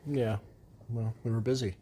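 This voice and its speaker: A man's voice: mid-range voice, fairly even intonation, normal speed, dark tone, husky. A man, co-hosting a casual podcast, frank and rambling, with some swearing. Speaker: podcast co-host. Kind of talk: casual couple's podcast chat.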